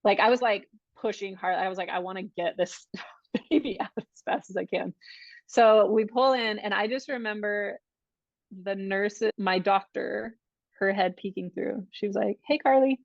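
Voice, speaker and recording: A woman speaks in a lively conversational style, acting out quotes as she tells a personal story. Her voice sits in a middle range. The recording is dry and a little dull, with little room sound. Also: mid-range voice, normal speed, vocal fry, no room sound. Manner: animated, acts out quoted dialogue. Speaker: podcast guest. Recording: dull, dry podcast audio.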